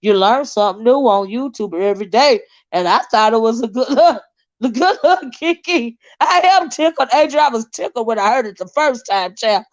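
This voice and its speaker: Woman streamer with a high voice, chatty and giggly, roasting her chat, muffled dry sound. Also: animated, normal speed, no room sound. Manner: laughs often, teases her chat, sidetracked and rambling. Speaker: livestream host. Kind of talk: casual live-stream chat reading viewer comments.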